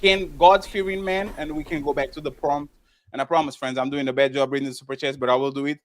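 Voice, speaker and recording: New York-accented male host; rambling, casual questions at mid pitch. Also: little pitch movement, fast talker, a little hiss or hum. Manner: rambling, loose questions full of "like" and restarts. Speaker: podcast host. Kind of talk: casual panel discussion. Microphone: streamed podcast mic.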